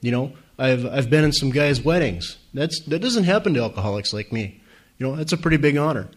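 A man's voice: medium pitch, animated, a little fast. A man, giving an earnest, conversational personal testimony to a meeting audience, with many fillers. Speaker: speaker at a recovery meeting.

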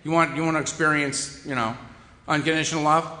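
A man's voice: a little high, fairly even intonation, fairly quick, pushed and bright. A man telling a humorous personal recovery story to an audience in a wry, self-mocking, conversational way. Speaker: speaker sharing his recovery story. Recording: echoey hall reverb.

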